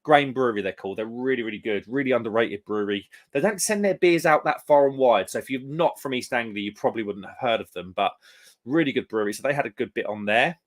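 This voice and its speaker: A man's voice: medium pitch, expressive, fast. Young english guy rambling on a live stream, says mate and um loads. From England. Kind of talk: casual chat reading out live comments.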